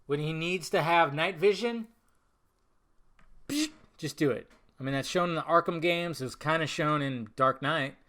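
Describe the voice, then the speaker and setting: A man hosting a podcast, answering viewer questions in a casual live chat with profane, animated rants. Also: fairly high pitch, moderate pace. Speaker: podcast host.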